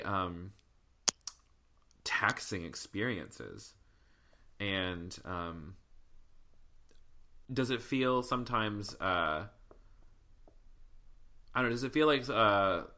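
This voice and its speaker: A man hosting a podcast with a Southern US accent, telling stories in an animated, preacher-style way. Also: lowish voice. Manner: animated storyteller, preacher-style call and response. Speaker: podcast host. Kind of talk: casual chat.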